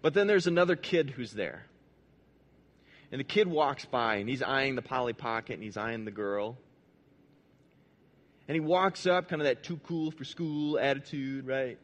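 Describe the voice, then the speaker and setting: A man preaching a sermon in a conversational way. He asks the audience questions, restarts his words, and drops low and soft for emphasis. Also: lively intonation, normal speed, long pauses.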